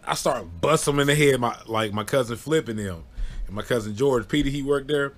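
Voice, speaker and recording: A man casually telling funny childhood stories, animated, breaking into loud high yelps when he acts out what people said. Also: fairly quick. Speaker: storyteller. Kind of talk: casual storytelling to camera.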